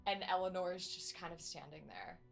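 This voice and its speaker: A woman's voice: on the low side, fairly even intonation, a little fast, gravelly, faint music behind. A woman narrating as game master, describing scenes casually with many fillers.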